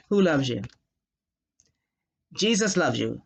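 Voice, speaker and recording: A woman teaching a Spanish class, patiently drilling phrases and repeating them slowly for her students. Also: mid-range voice, sing-song. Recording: dull lo-fi sound.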